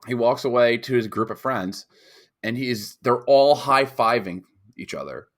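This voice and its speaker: A man's voice: medium pitch, lively intonation, a little slow. A young man from New York, a podcast co-host, telling a rambling story in casual chat and acting out other people's voices. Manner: rambling storytelling with loud mimicked voices and swearing.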